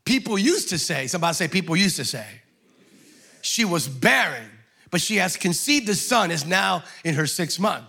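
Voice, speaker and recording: A man preaching a sermon, acting out the scripture voices and shouting for emphasis. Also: high voice, very animated, moderate pace, gravelly, slightly rough. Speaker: pastor.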